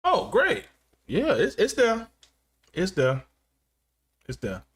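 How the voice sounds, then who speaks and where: Give me a relaxed male streamer bantering with his chat from his gaming chair. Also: high-pitched, slow, slightly rough. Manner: loose, joking, laughs often. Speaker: live streamer. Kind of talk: casual chat with live viewers.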